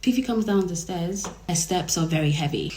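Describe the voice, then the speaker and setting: A young woman telling a dramatic storytime vlog in a chatty, animated way. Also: lowish voice, normal speed, slight background noise. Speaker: vlogger. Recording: roomy echo.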